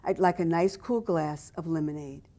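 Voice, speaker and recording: A woman reading the lines of a firm, decisive father who speaks plainly and in a measured way. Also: low voice, mellow, close to an everyday voice. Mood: stern. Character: stern firm family father, calm and decisive.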